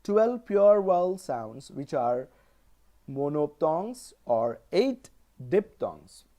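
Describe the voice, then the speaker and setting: Slow, deliberate male English lecturer. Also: a little high, very animated, warm tone. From India. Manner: slow, deliberate, repeats example words one by one. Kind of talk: classroom lecture on pronunciation.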